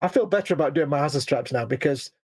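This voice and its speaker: A man's voice: a little high, animated, darkish tone, breathy edge. A man co-hosting a live stream, chatting casually while painting models, grumbling and mocking himself. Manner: self-mocking, grumbling, quick to laugh. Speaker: co-host.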